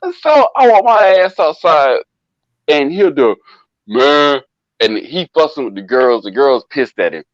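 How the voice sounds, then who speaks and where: A man's voice: medium pitch, a little slow, dry recording. A man casually telling a long, profane party story to a friend, acting out what people said. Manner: animated, profane, acts out quoted voices. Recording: dull lo-fi dry sound.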